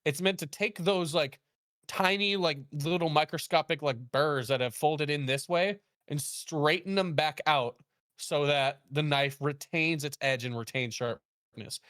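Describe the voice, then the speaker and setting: A man chatting casually about his work as a chef, his voice bright and a little high. He tells the story with lots of energy, laughs often and acts out the other people's lines. The recording is close and dry. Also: unhurried, smooth, no room sound. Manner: animated, laughs often, acts out quoted dialogue. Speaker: guest, chef.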